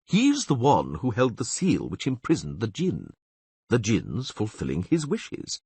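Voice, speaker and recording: A grave, knowing priest, voiced by a man, speaks in a gloomy, measured way. The voice is husky and close to the narrator's own. The audiobook recording is dry. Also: mid-range voice, huge pitch swings, warm tone, no echo, full character voice. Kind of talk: audiobook character voice.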